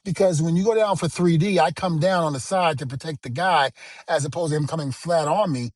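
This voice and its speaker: This middle-aged podcast co-host speaks briskly in a fairly high voice, with no room sound. He spins stories playfully and casually, performing the dialogue as he goes.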